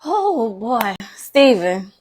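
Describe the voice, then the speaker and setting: A woman's voice: on the high side, sing-song, drawn-out words, darkish tone, slight background noise. A woman hosting a faith-based interview show, closing with encouraging, preacher-like words. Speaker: podcast host.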